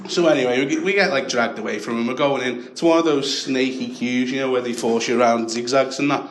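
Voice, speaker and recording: A young man with a Liverpool accent doing a stand-up set, telling stories deadpan and then shouting the punchlines. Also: mid-range voice, fast, few pauses, noisy background. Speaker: stand-up comedian. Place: comedy club stage with a laughing audience. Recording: echoey club with audience laughter.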